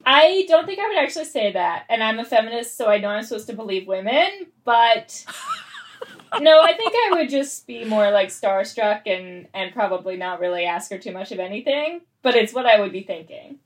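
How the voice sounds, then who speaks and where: A woman's voice: on the high side, lively intonation, brisk, few pauses, a little hiss or hum. A woman co-hosting a comedy podcast over a video call, frank and confessional with dry humor. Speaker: podcast co-host. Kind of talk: comic conversational chat.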